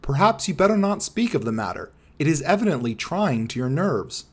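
A man reading the part of a calm, kindly Victorian doctor with a firm, brisk bedside manner in an audiobook. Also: on the high side, slightly rough.

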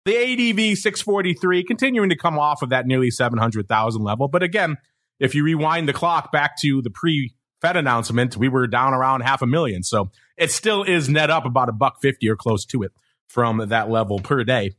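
A man's voice: medium pitch, expressive, fairly quick, fairly bright tone. A man hosting a market podcast, playfully teasing his co-host and rattling off trading figures. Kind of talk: casual market show talk.

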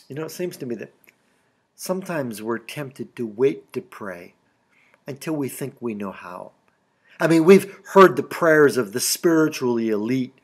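A man's voice: on the high side, husky. A middle-aged male pastor giving a sermon in a conversational preaching style, often asking his listeners rhetorical questions. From Canada.

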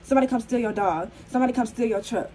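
A young woman in her twenties, slightly hoarse, chatting casually to the camera in a vlog filmed on her phone at home, full of fillers and calling viewers y'all. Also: a little high, rapid-fire, dark tone, slight background noise, poor audio. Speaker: vlogger.

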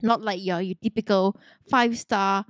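A woman's voice: medium pitch, steady tone, normal speed, dry recording, clean studio sound, natural voice. A woman voicing a playful, sassy young female pop idol in a life-sim game. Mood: teasing.

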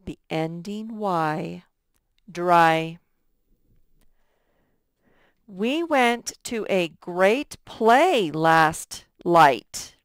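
A woman with a slightly low, smooth voice teaches a first grade lesson at an unhurried pace. She sounds out letters and stretches words patiently. The sound is dry and close. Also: lively intonation, no room sound. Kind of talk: recorded lesson for young students.

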